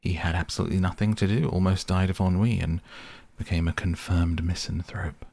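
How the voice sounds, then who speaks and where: A man's voice: sits low, level tone, a little fast, vocal fry, darkish tone. A man voicing a cool, self-absorbed young male aesthete who speaks in a languid, lecturing tone.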